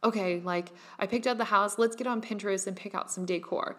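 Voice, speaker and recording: A woman's voice: mid-range voice, steady tone, brisk, few pauses, a bit bright. A young woman hosting her own podcast, talking casually and with animation, full of "like" fillers and the odd laugh. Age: young adult. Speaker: podcast host. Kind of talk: casual solo podcast monologue.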